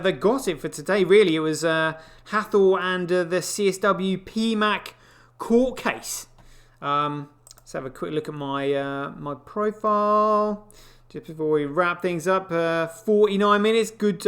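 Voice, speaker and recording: A man's voice: high voice, fairly bright tone. Rambling man hosting a live show. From United Kingdom. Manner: rambling, full of fillers, wry asides. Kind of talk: casual news commentary.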